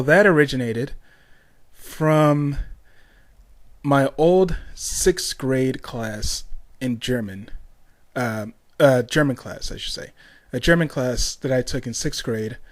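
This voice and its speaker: A young man hosting a casual solo podcast, rambling along with lots of ums, restarts and tangents. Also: mid-range voice. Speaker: podcast host.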